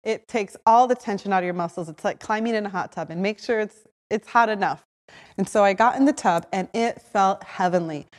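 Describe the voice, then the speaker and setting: A woman hosting a podcast, telling her own story in a lively way, acting out her own voice in quotes and often saying "like". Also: medium pitch, brisk, big-room sound. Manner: animated, acts out her own voice in quotes, frequent "like". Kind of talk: personal storytelling.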